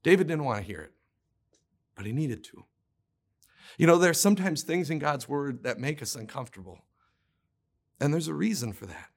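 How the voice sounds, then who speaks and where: Man, pastor, sermon, earnest, emphatic, stammered restarts, slightly high voice. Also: animated, moderate pace, long pauses.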